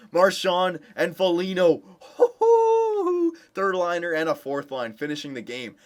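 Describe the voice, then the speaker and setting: Excitable young man cheering a game. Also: on the high side. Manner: excited cheering for his team. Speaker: gameplay commentator. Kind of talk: casual video game commentary.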